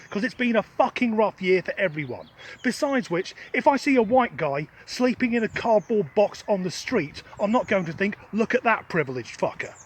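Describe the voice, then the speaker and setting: A man's voice: high voice, a little hiss or hum. A middle-aged Englishman from Norfolk with a generic Southern English accent, giving a blunt, sweary, sarcastic opinion monologue outdoors. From Norfolk, England. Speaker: vlogger. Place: outdoors, windy.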